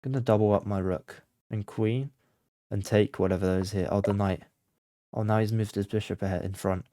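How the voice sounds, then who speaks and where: In a clean studio recording with no echo, a chess content creator speaks fairly quickly in a steady, fairly low voice. He's playing blindfold chess, murmuring moves to himself, alternating between calm focus and flustered panic when the position slips from memory.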